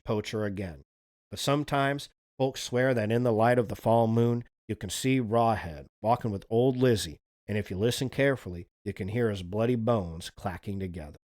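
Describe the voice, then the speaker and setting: Chatty man telling spooky legends. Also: mid-range voice. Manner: relaxed, chatty, swears casually. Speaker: streamer, host. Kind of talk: casual storytelling on a livestream.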